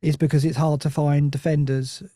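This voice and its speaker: Rambling man, mellow voice. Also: a little high, little pitch movement, normal speed, dry recording, clean studio sound. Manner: rambling, self-interrupting, many restarts. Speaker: Nottingham Forest fan guest. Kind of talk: casual podcast chat.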